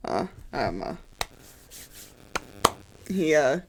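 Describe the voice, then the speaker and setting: Game master for a streamed tabletop game, mid-pitched, halting narration with fillers. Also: fairly bright tone. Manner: loose, halting, with many fillers.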